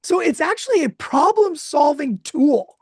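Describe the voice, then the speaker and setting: A man in his thirties telling a candid personal story, emotional and expressive, laughing now and then. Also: very high voice, unhurried, no echo, clean studio sound. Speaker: guest speaker.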